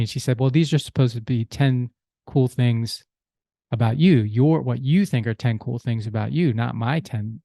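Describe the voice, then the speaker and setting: A man's voice: medium pitch, darkish tone, no echo. Casual middle-aged male podcast host, plain mid-range voice, conversational storyteller, dry close mic. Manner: easygoing, with restarts and "you know".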